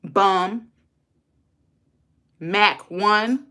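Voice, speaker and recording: Woman going off at her stream chat, bright sharp voice, blunt and cussing a lot, keeps repeating herself. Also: mid-range voice, very slow. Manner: blunt, profane, heated; repeats lines for emphasis. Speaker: livestreamer talking to her chat. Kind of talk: unscripted livestream rant.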